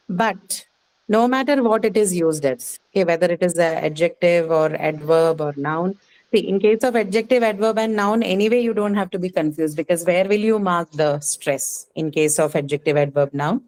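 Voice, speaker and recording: Woman, teacher, patient lecturing, fills pauses with okay and uh. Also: on the low side, darkish tone, rough recording. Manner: patient, explanatory, frequent "okay" and "uh" fillers, asks questions. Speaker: English teacher. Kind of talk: live class lecture on word stress.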